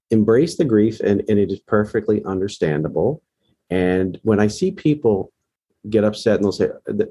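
A middle-aged man with a slightly low, husky voice talks as a podcast guest. He tells his stories earnestly, with deep feeling. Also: warm tone. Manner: emotional, earnest storytelling. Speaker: guest, bereaved father running a foundation. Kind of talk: podcast interview.

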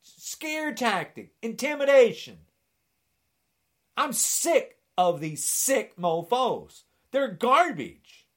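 A man's voice: very high voice, big pitch swings, drawn-out words, a bit bright. A man delivering an angry political rant, sarcastic and indignant, often mocking.

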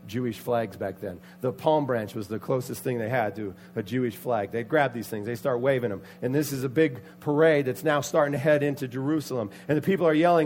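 Animated male preacher telling a story. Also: medium pitch, fairly quick, hardly any pauses. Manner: animated, acts out the characters' voices with loud outbursts. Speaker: pastor. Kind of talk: sermon storytelling.

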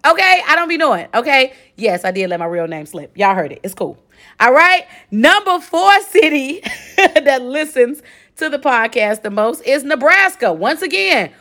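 A woman's voice: sits high, normal speed. A woman in her forties from Chicago hosting her own podcast, talking casually and animatedly to listeners, often checking in with "okay?". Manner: chatty, animated, lots of direct address and 'okay?'. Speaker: podcast host. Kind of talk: casual solo podcast recap.

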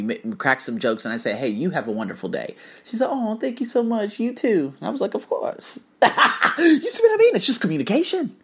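A man's voice: mid-range voice, slightly rough. A man hosting a podcast, talking in a casual, profane, preachy way as he tells stories and gives advice. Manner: animated, profane, preachy storytelling. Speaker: podcast host. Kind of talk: casual motivational podcast monologue.

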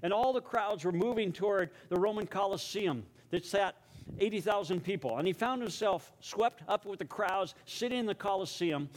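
A male pastor preaching a sermon, telling a story dramatically and then going hushed for prayer. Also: high-pitched.

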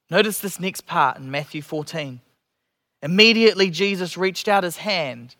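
A man with a high-pitched voice preaches a sermon. He speaks slowly and reflectively, and his phrases drop softly at the ends. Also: expressive.

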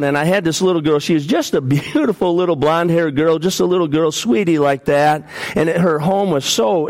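A man preaching a sermon, telling personal stories earnestly and often repeating and restarting his words. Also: on the high side.

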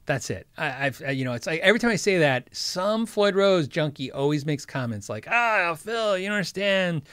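A man's voice: a little high, lively intonation, brisk, fairly bright tone, no echo, clean studio sound. A man hosting a guitar gear livestream, chatting casually and rambling through viewer questions with jokes and self-interruptions. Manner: rambling, chatty, frequently sidetracked. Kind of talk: casual chat answering live chat.

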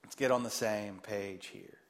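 A man preaching a sermon as pastor, animated and joking, acting out the voices he quotes. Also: fairly low pitch, a little slow.

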